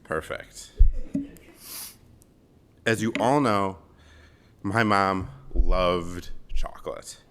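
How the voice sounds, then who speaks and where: Lowish-voiced man giving a gentle eulogy. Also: extremely slow, pauses often. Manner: gently humorous storytelling. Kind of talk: funeral eulogy. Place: funeral service.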